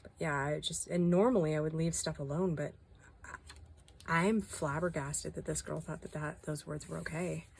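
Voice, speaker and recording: A woman's voice: sits low, steady tone, moderate pace, vocal fry, a little mellow, a little hiss or hum. A middle-aged woman chatting casually to her viewers while working on a craft, confiding and indignant. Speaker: vlogger.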